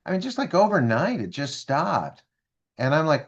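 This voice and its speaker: The audio has its highs cut off as a fairly high-pitched man speaks at a moderate pace. He is a business speaker in his fifties, interviewed as a guest, and he recounts stories with animation, voicing the people he quotes.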